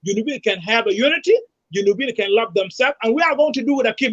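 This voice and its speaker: High-voiced man rallying. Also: expressive, fast talker, sharp tone, muffled recording. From South Sudan. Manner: emphatic, repetitive rallying speech. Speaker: presidential candidate, guest. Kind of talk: remote talk-show interview.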